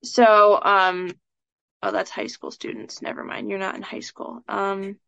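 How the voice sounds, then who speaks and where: A woman's voice: medium pitch, flat delivery, measured pace, creaky, fairly bright tone, clear, resonant tone, no echo. A woman coaching a student through a live session, chatty and casual, with plenty of "like" and "um". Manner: chatty, fills speech with "like" and "um". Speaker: scholarship coach. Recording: dull lo-fi sound.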